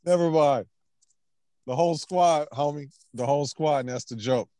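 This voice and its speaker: A man's voice: on the high side, normal speed, warm tone, no echo, studio quality. A man hosting a casual pop-culture podcast. He is laid-back, laughs often, and keeps moving the show along to the next topic. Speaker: podcast host.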